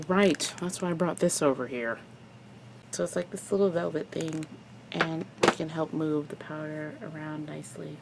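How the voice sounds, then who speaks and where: A woman's voice: lowish voice, creaky, slight background noise. Playful young woman chatting through makeup. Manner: chatty and playful, makes little sound effects. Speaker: beauty vlogger. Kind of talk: casual makeup tutorial chat.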